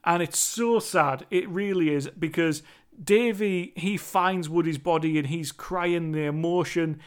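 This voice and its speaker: High-voiced man recapping a movie. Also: unhurried, clean tone. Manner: emphatic and sweary, repeating himself. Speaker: movie reviewer. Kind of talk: casual film recap.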